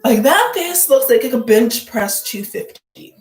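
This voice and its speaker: Woman vlogger dishing gossip, slowish and kinda high, blunt and swearing a lot, echoey room. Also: very animated. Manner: blunt, profane and joking, with frequent "like" fillers. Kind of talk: casual gossip commentary.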